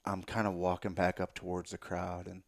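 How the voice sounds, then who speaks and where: Animated swearing male podcast guest. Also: low-pitched, fairly quick. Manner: swears freely, animated, drops to a near-whisper at times. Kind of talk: casual podcast storytelling.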